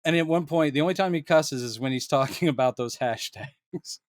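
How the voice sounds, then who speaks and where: A man co-hosting a casual film discussion podcast, animated and quick to act out lines he quotes, laughing often. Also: a little high, no room sound, clean studio sound. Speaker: podcast co-host.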